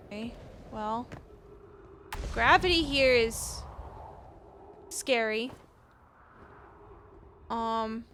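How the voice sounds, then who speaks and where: A woman's voice: fairly high pitch, slight background noise. A young woman streaming a game, panicking, swearing and reading game text aloud. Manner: excitable, panicky outbursts and swearing. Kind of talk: casual gameplay commentary.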